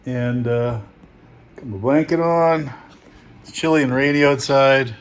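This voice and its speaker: In his Iron Range Minnesota accent, a man rambles casually through a travel vlog, often chuckling, speaking in a mid-range voice at a slightly slow pace. The setting shifts from an outdoor engine show to a vehicle, and the recording is noisy with vehicle sounds.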